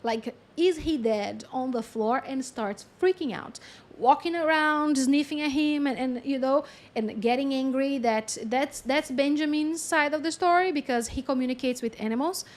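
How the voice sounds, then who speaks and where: A woman channeling a story in a chatty, animated way, with lots of fillers and frequent laughs. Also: high-pitched, normal speed. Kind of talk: casual storytelling.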